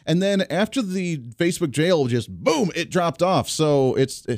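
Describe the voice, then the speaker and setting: A man hosting a talk radio show, animated and sarcastic in delivery. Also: a little high, unhurried, no echo, clean studio sound.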